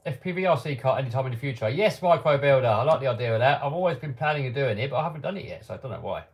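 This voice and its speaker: A man's voice: medium pitch, expressive, very fast. Chatty man in a live Q&A. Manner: reads out viewer questions, answers offhand and chuckling. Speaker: channel host answering live chat. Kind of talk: casual live-stream Q&A. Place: home workshop.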